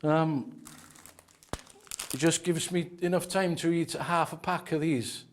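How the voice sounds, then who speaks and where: A man with a fairly high speaking voice gives a mock drum lesson in a deadpan, earnest way. He rambles through his tips and often sinks into quiet, muttered asides. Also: slow pace. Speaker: drum instructor. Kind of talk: comic mock masterclass.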